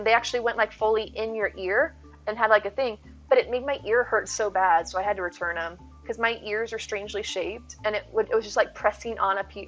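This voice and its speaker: A woman's voice: on the high side, a bit bright, muffled recording. A woman in her thirties streaming live, chatting in a rambling way, reading her chat aloud and thanking viewers.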